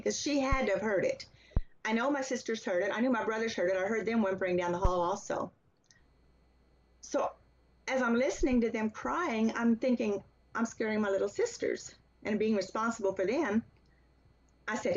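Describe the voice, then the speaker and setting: A woman guest giving an earnest, steady personal account in an interview. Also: fairly high pitch, normal speed, slight background noise. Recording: slightly dull, lo-fi sound.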